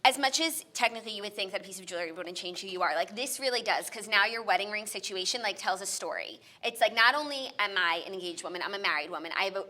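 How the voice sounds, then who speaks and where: Woman podcast cohost, bright sharp voice, quick opinionated back-and-forth. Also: medium pitch. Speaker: podcast co-host. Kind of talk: casual chat.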